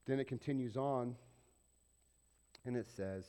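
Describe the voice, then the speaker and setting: A man's voice: mid-range voice, a little slow, dark tone. A middle-aged male pastor preaching a sermon in a conversational way, firing off rhetorical questions and acting out little exchanges.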